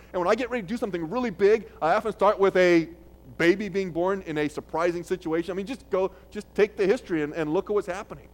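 A man preaching a sermon in a conversational way, restarting phrases and getting loud when he quotes scripture. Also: sits high, quick pace. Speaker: pastor.

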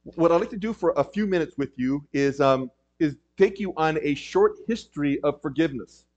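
A man's voice: on the high side, lively intonation, moderate pace, darkish tone. A man preaching a sermon in a conversational way, with frequent ums and emphatic rises. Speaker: pastor. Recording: dull lo-fi recording.

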